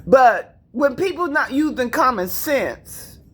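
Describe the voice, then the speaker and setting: A woman's voice: high-pitched, expressive, slow, fairly bright tone, slightly rough. A middle-aged woman vlogging from her apartment, giving an emphatic, preachy personal rant to her viewers and repeating herself for emphasis.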